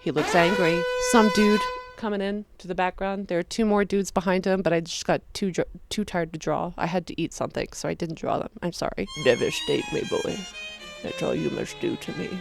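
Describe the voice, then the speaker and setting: A woman chatting casually about her own drawings, excitable and crude, with sudden loud bursts. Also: fairly low pitch, a little fast, hardly any pauses, over music. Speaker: video creator.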